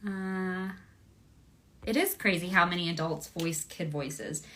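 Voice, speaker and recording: A woman's voice: on the low side, takes it slowly, fairly bright tone. A woman voice actress chatting casually with fans during a livestream autograph session, bubbly and gushing, and laughing often.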